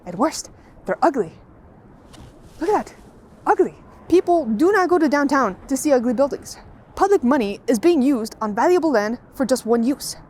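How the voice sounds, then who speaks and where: A woman with a high voice delivers a scripted video essay voice-over. Her tone is sarcastic, and she rants her way through each point. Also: a little mellow, slight background noise. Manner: sarcastic, ranting.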